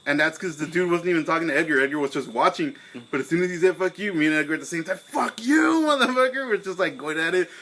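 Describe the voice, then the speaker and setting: Profane, storytelling man with a bright voice. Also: fairly high pitch, steady tone, rapid-fire, low-quality recording. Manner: profane storyteller, acts out his own angry shouting. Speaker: podcast co-host. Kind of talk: casual chat over beers.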